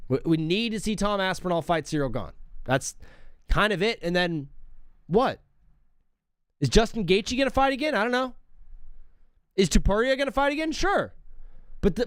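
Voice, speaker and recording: Male sports talk host, 30s, slightly high, rambling and casual, drops "bro" constantly. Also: no echo, studio quality. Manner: rambling, animated, says "bro" a lot.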